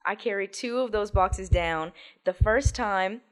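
A woman's voice: medium pitch, a little slow. A young woman appearing as a podcast guest, telling her side of a story with good-humored laughter. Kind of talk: casual podcast interview.

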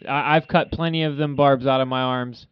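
A man's voice: mid-range voice, fairly even intonation, normal speed, clear, resonant tone, dry recording. A man hosting a casual chat, laid-back and blunt, who swears freely. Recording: dull lo-fi audio.

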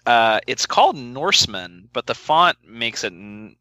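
Podcast dude rambling and joking around, super bright voice, bouncy up and down. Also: male voice, mid-range voice, a little slow. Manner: rambling, excitable, jokey. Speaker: podcast co-host. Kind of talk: casual chat.

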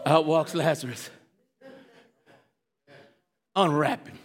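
A man preaching a sermon as pastor, speaking straight to his congregation, swinging from hushed, slow lines to sudden shouts. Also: fairly high pitch. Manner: addresses the congregation directly.

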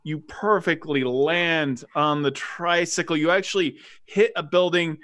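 A man's voice: a little high, steady tone, a bit bright. Laughing, rambling male game master. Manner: rambling, laughing narration with quick voices for gnomes. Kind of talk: narrating a tabletop game.

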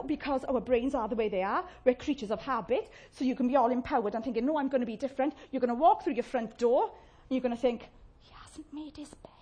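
A woman's voice: on the high side, darkish tone. A woman preaching a chatty, humorous sermon, acting out little voices of complainers.

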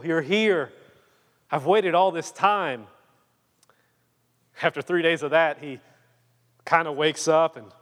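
A young man preaching a sermon in a casual, storytelling way, sometimes lively and sometimes hushed and earnest. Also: fairly high pitch, long reverb tail.

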